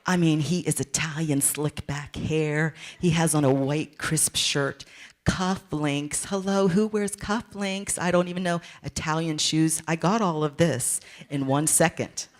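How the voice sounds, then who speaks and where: A woman's voice: deep voice, unhurried. A woman giving a candid, playful motivational talk, telling a story and acting out her own inner voice. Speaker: motivational speaker.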